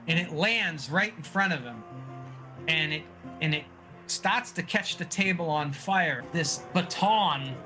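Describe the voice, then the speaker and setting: A man narrating a tabletop game as dungeon master, halting and restarting often as he describes the scene. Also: fairly high pitch.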